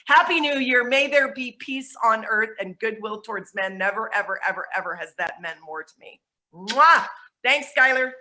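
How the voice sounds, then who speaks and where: Bright, gushing woman on a home video call. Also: on the high side, moderate pace, poor audio. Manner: energetic, gushing, laughs often. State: sweaty. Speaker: network marketing presenter. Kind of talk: motivational webinar talk.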